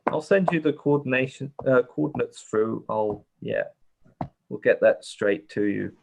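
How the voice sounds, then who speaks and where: A man's voice: mid-range voice, unhurried, vocal fry, darkish tone. A man voicing a distracted, semi-bored spaceport controller who gives landing instructions offhandedly. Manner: offhand, mumbling.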